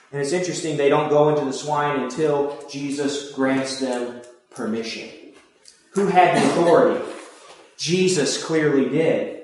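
A man's voice: on the high side, unhurried, slight background noise. A man preaching a sermon, emphatic and asking his listeners rhetorical questions. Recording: echoey room.

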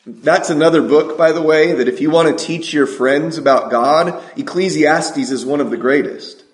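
A middle-aged man preaching a sermon, energetic and asking the congregation questions. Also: a little high, moderate pace, reverberant.

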